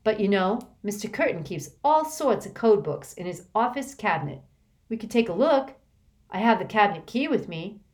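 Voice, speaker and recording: A woman voices a haughty, scheming teenage girl enforcer who sneers and snarls at the children. Her medium-pitched, somewhat dark voice has lively intonation and a moderate pace, pitched a bit above her natural voice but still close to everyday speech.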